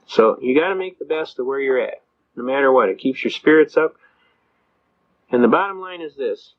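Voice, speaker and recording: An older man giving a folksy, anecdotal lecture to a live audience, telling stories and acting out dialogue. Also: a little high. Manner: folksy storyteller, acts out dialogue in quotes. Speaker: seminar speaker on constitutional rights. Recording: dull lo-fi recording.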